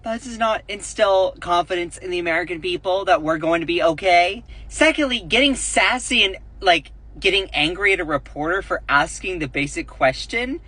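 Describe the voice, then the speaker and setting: A man hosting angry political commentary, sarcastic and exasperated, jumping to sharp outbursts. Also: high-pitched, normal speed, few pauses, no echo, poor audio.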